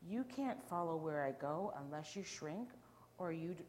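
A woman reading a picture book aloud, voicing the family's youngest girl, cheeky and unafraid, with a low voice and sing-song rhymes. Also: lively intonation, normal speed, darkish tone, a little hiss or hum. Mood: teasing.

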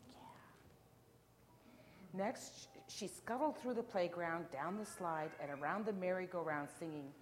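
A woman reads a picture book aloud to children, animated and playful. She pauses to ask the listeners questions and sometimes dips into whispers. Her voice sits low, with a faint hiss behind. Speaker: storyteller.

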